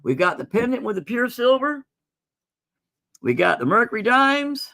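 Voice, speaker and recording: A man's voice: very high voice, sing-song, moderate pace, vocal fry, pushed and bright. A man hosting a casual livestream sale of coins and jewelry, chatty and folksy, calling viewers "folks.". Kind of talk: casual live sales stream.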